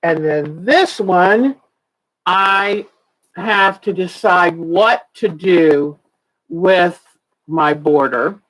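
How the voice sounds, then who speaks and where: Slow-talking chatty woman in her sixties. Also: lowish voice, low-quality recording. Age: 60s. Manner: chatty, laughs often, tired and yawning. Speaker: quilting teacher. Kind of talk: casual livestream teaching.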